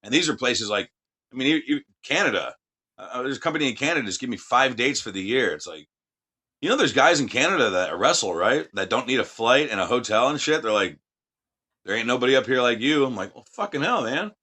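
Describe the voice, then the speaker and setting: A man's voice: mid-range voice, lively intonation, brisk, sharp tone, husky. A man, a wrestler, chatting casually with a lot of swearing, rambling and acting out quotes. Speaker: professional wrestler guest. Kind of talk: casual profane chat.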